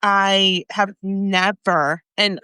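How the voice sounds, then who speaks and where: A woman's voice: medium pitch, very slow, clear, resonant tone, no room sound. A woman in her forties co-hosting a podcast, telling a story with lots of laughter and acting out each line of dialogue. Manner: animated storytelling, laughs often, acts out dialogue. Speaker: podcast co-host. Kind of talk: casual chat.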